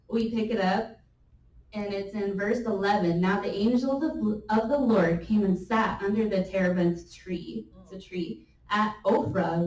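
A woman delivers a conversational church teaching and tells the story with energy and laughing asides. She sits back from the microphone, so the room echo is clear, and a faint ambient hum sits under her voice. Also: mid-range voice, a little mellow. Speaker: church speaker. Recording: echoey room, mic at a distance.

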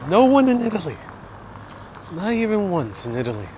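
A man's high voice swoops wildly in pitch at normal speed as he hosts a live travel stream outdoors on town streets. Walking along, he jokes and answers viewer comments casually. His wireless clip-on mic catches background noise.

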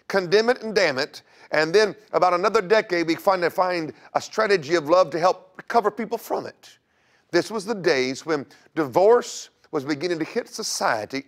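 Male preacher-host telling a church story, fairly high voice, dramatic swings from booming to whispered. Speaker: guest host. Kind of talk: preaching history talk.

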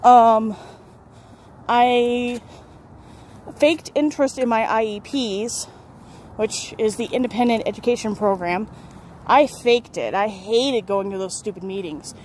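A young adult woman talks straight into the camera about her own past. Her voice sits a little high, and she rambles, laughs and corrects herself as she goes. There is a faint hum behind her. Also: measured pace, long pauses, a little mellow. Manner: candid, rambling, laughs often, self-correcting. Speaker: vlogger. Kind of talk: personal storytelling to camera.

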